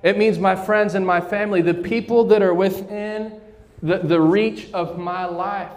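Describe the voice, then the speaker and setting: High-voiced pastor preaching in a reverberant church. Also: male voice, steady tone, measured pace. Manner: call-and-response preaching, asks congregation to repeat. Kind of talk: sermon. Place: church sanctuary.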